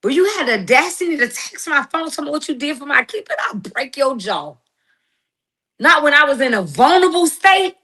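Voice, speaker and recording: A woman's voice: sits high, expressive, fast talker, hardly any pauses, sharp tone. A middle-aged woman in a heated, emphatic monologue, confronting someone with slang and preachy turns. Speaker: guest responding to critics.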